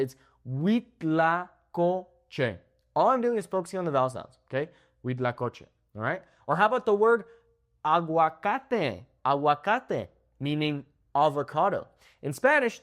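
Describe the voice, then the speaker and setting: A young man from the United States teaching a Spanish language lesson to camera from his home in Mexico. He sounds upbeat and slows down carefully whenever he models a word. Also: a little high.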